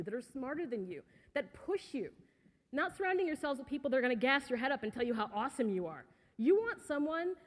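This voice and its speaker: High-voiced woman giving a motivational talk. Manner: lively, conversational, with asides to the audience. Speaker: speaker. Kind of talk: motivational talk to young people. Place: auditorium stage. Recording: echoey hall.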